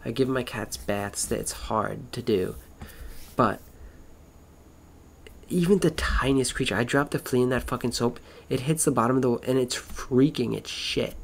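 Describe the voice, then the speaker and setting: A man's voice: medium pitch, normal speed, creaky. A man rambling through a casual monologue, swearing constantly, wandering between thoughts and trailing off mid-sentence. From Florida.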